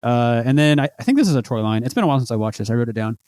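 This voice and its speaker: Fast-talking man in casual podcast chat. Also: medium pitch, lively intonation, a little mellow, no echo. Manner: rambling, hedging, quotes lines from the show. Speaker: podcast co-host.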